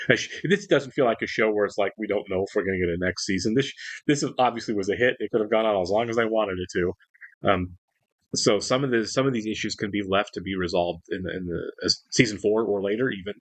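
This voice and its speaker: A man's voice: on the low side, quick pace, husky, no echo. A man hosting a reaction show, talking through an episode recap in a casual, rambling way with frequent restarts. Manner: rambling, many restarts and fillers.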